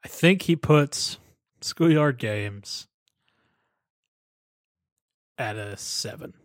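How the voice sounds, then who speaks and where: A man chatting as a podcast guest in a dry, low-key, wry manner. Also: lively intonation, slow pace, no room sound. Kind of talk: casual chat.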